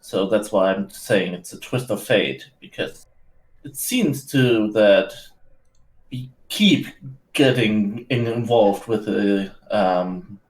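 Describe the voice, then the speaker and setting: A man playing in a tabletop role-play, talking in character with hesitant, halting phrasing and frequent restarts. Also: on the low side. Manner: hesitant, many fillers and restarts. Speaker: player. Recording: roomy echo.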